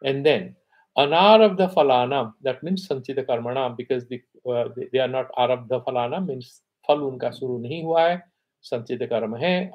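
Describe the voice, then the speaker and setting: A man's voice: medium pitch, lo-fi sound. Man teaching Sanskrit scripture. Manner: chants Sanskrit verses slowly, then explains conversationally. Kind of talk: explaining Sanskrit texts in a class.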